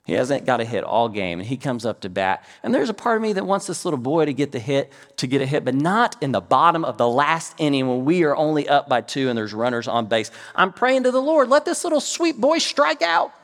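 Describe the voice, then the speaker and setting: Man, middle-aged pastor, sermon, storytelling, acts out voices, lively pitch, hall reverb. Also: a little fast, hardly any pauses. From United States. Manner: storytelling preacher, animated with acted-out quotes.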